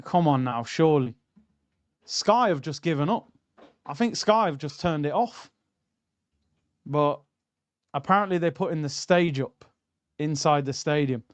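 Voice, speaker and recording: A man's voice: on the high side, animated, unhurried, pauses often, no echo. A young man, hosting a casual football watchalong stream, bantering and reading out chat messages.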